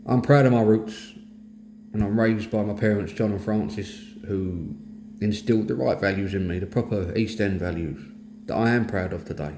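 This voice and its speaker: A middle-aged man with a London Cockney accent speaks in a low, mellow voice, plain-spoken and earnest. The sound is echoey, as if recorded in a bare room, with a faint hiss underneath. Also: moderate pace. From East London, England. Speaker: host of a mental health talk. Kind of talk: candid personal monologue.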